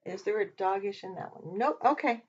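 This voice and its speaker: A woman teaches a relaxed vocabulary lesson, talking through each word and checking herself as she goes. Her voice sits at a middle pitch for a woman. The recording is dull and lo-fi. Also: fairly quick, husky. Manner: chatty, thinks aloud, double-checks herself. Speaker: Hebrew teacher.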